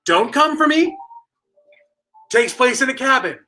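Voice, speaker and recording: A man's voice: extremely high pitch, expressive, unhurried, bright, forceful tone, rough recording. A young man hosting a livestreamed trivia night, joking around and reading out viewers' guesses. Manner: playful and jokey, rattling off viewer guesses.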